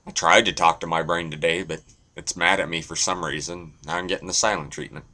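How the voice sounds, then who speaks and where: A man's voice: low voice, steady tone, brisk, pushed and bright. A young man talking casually to camera in a rambling, crude, self-deprecating vlog monologue. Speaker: vlogger.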